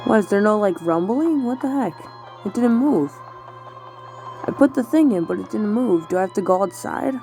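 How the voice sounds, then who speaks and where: A woman's voice: mid-range voice, animated, normal speed, dark tone, faint music behind, poor audio. A woman playing a video game and thinking aloud, talking to herself with lots of fillers as she goes. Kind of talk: casual let's-play commentary.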